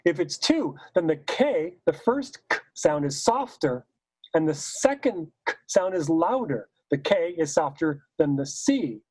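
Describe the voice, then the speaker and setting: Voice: medium pitch, expressive, unhurried, darkish tone, slightly rough, no room sound, low-quality recording. A choir director unhurriedly teaching diction, saying each example word the wrong way and then the right way. The voice sits in a middle range and sounds close and dry, with almost no room around it. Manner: demonstrates by saying example words both wrongly and correctly; explains patiently, stepping through points one by one. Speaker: choral conductor and clinic leader. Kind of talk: recorded teaching seminar.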